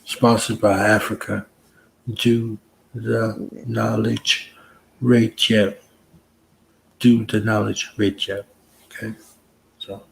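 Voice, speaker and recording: A man's voice: lowish voice, level tone, slow, gravelly, long pauses, a little hiss or hum, low-quality recording. Playful laid-back man hosting a stream. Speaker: host. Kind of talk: casual late-night livestream chat.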